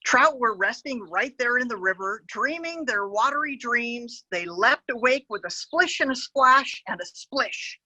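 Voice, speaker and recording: A woman reading a picture book aloud to children as a park educator, gently pointing to the pictures and adding animal sound effects. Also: fairly high pitch, lively intonation, measured pace, hardly any pauses, no room sound, rough recording.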